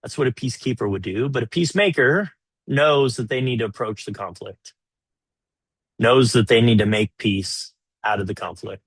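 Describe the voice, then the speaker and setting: In a teaching webinar, a man coaches on marriage, speaking conversationally and often checking in with "right?" while acting out example dialogues. His voice is mid-range and slightly rough, at normal speed with no echo.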